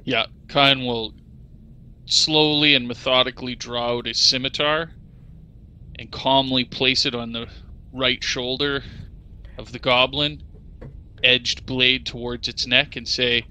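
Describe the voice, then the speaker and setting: Male player, very bright sharp tone, measured calm delivery. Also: mid-range voice, clear, resonant tone, low-quality recording. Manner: measured, calm in-character threats. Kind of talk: playing a tabletop game.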